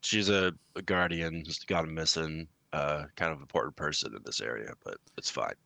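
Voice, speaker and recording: A man's voice: a bass voice, moderate pace, creaky, sharp tone, no room sound. A man playing a tabletop role-playing game, asking questions hesitantly with many restarts. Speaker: player.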